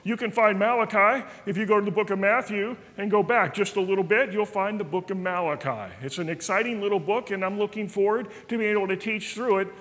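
A man's voice: high-pitched, fairly even intonation, brisk, few pauses, fairly bright tone. A man teaching a Bible study in a church, earnest and folksy, telling stories. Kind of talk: sermon. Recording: reverberant church hall.

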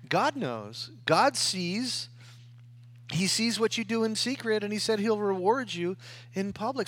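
A man preaching a sermon in an emphatic style, swinging between loud rising lines and quiet drops, often tagging "right?". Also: sits high, no echo. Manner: emphatic, rising and falling preaching with tag questions.

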